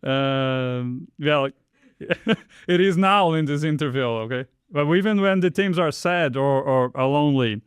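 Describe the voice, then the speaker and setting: A man's voice: a little high, measured pace, smooth, dry recording, clean studio sound. A man with a Brazilian Portuguese accent interviewing a guest over a video call, asking questions politely and with hesitations. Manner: hesitant, many uh fillers, polite.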